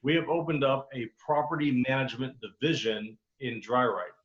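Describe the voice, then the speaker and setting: Man, business pitch, salesy, fillers, muffled call audio. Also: fairly even intonation, moderate pace, fairly bright tone. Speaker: restoration company owner. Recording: dull lo-fi video call audio.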